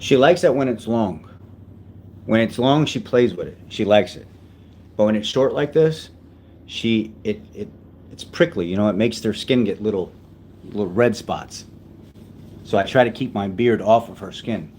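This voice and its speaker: A man hosting a casual livestream, chatting gently and unhurriedly as a father while he tends his baby. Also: on the low side, expressive, moderate pace, long pauses, a little hiss or hum.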